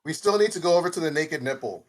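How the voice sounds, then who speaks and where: A man's voice: fairly high pitch, animated, fast talker, a crowd in the background. A man playing a tabletop game, chatty and often stumbling over his words.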